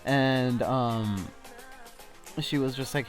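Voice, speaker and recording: A man's voice: mid-range voice, moderate pace, faint music behind. A man in his twenties chatting casually, reasoning earnestly and agreeing along. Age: 20s. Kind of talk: casual chat.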